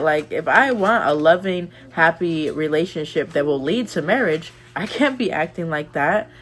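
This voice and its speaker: A young woman giving candid, chatty advice in a casual vlog, rambling with lots of "like"s. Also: on the low side. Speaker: lifestyle vlogger.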